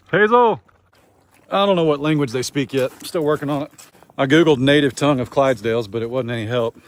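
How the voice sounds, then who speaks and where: A man vlogging casually outdoors on his farm, chatting folksily and talking to his animals. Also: mid-range voice. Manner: folksy, talks to the animals in a singsong voice. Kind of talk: casual farm vlog narration.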